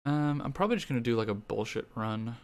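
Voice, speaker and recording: A young Canadian man talking loosely while he plays, with a mid-range voice and a relaxed, rambling delivery. He swears often and laughs as he goes, very much an easygoing game streamer. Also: mid-range voice, quick pace, noisy background. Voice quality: casual, profane, laughs often. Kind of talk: casual gaming stream chat.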